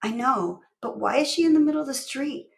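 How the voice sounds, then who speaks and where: A woman voicing a protective teenage boy who talks in a dry, flat, grumbling way. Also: sits high, brisk, vocal fry, echoey room, voice pushed up. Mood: gruff, dry. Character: gruff protective teenage boy, big brother.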